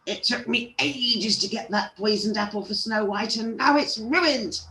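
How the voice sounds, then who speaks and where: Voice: mid-range voice, a little slow, sharp tone, roomy sound, pitched above the performer's own voice. A reader voicing a wicked old woman, a disguised queen, who screeches. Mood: screeching.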